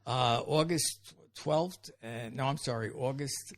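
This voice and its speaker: A man's voice: mid-range voice, slow. A man in his seventies, a comedian from New York, telling rambling, self-amused stories in a casual interview. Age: 70s. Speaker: comedian guest.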